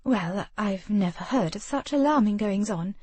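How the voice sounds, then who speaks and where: A woman's voice: medium pitch, expressive, a little mellow, slightly rough, no echo. A woman voicing a fussy, dramatic middle-aged lady who gushes in an audiobook. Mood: gushing. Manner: rapid, gushing.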